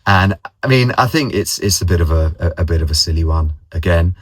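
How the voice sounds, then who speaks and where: Casual vlogger: man, very low voice, dry close sound, rambling anecdotes. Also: expressive, a little fast, hardly any pauses, fairly bright tone, husky, no echo. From London, England. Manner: rambling, repeats words, mimics others' voices in anecdotes. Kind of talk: casual personal storytelling.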